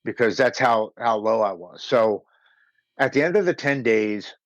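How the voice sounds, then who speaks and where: A man's voice: lowish voice, animated, a little slow, dry recording, dull audio. An American man, a podcast guest, telling his recovery story in an earnest, emotional way, sometimes repeating words as he goes. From United States. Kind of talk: personal recovery story told in conversation.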